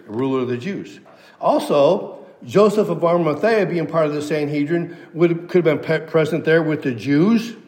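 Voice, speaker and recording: A man delivers a verse-by-verse sermon in an emphatic, teacherly way, leaning on repeated phrases to drive points home. His voice sits a little on the high side. The sound carries a long reverb, like a large hall. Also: darkish tone. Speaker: pastor. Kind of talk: expository sermon.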